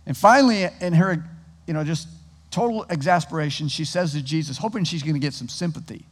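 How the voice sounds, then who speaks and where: Conversational preacher in a reverberant hall. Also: male voice, high-pitched. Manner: conversational, animated storytelling with many restarts. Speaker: pastor. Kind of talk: sermon.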